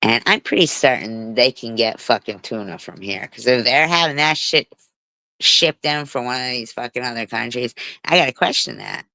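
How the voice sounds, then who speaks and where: A woman's voice: very deep voice, moderate pace, gravelly, sharp tone, no room sound. Blunt, foul-mouthed woman. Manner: blunt, heavy swearing, storytelling. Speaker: livestream host. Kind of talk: casual livestream chat.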